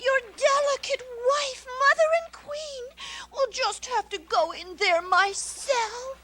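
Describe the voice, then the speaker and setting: A woman voicing a bossy, dramatic giant queen mother in a puppet TV series, shrill and theatrical. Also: takes it slowly, heavily acted. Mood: indignant. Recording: series clip with loud crowd noise.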